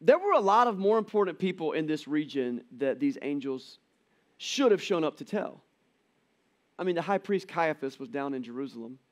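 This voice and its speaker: A middle-aged man giving a conversational church sermon, telling the story with animated quoted voices. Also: a little high, moderate pace. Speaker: pastor. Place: church auditorium.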